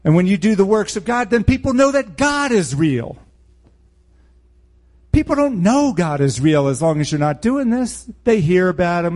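A man's voice: sits high, big pitch swings, moderate pace, darkish tone. A man preaching a verse-by-verse Bible teaching sermon in a blunt, emphatic way, with sarcastic asides.

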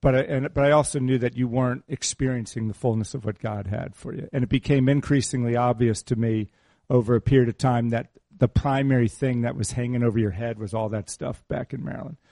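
A man's voice: mid-range voice, fairly even intonation, fairly quick, mellow, dry recording, clean studio sound. A middle-aged man preaching a sermon in a conversational, teasing way, repeating his key phrases. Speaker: pastor.

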